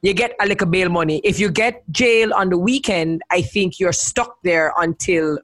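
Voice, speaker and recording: A man from Jamaica hosting a casual chat, reacting with quick, chatty interjections. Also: sits high, a bit bright.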